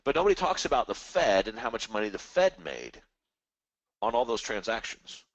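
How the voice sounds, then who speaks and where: A man's voice: mid-range voice, sing-song, normal speed, gravelly, no room sound. A man hosting a live trading stream, rambling casually and animatedly about markets and the economy, now and then mimicking other people's voices. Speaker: trading webinar host.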